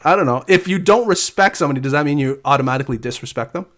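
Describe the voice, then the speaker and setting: Casting note: male podcast co-host, halting casual banter, bouncy pitch, slightly high voice. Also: animated, a bit bright. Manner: hesitant, many ums and restarts. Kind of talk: casual chat.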